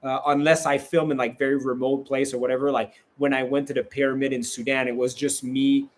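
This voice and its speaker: A man who is a travel vlogger, chatting casually in a bubbly, animated way with many fillers. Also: medium pitch, fairly quick. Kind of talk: casual chat.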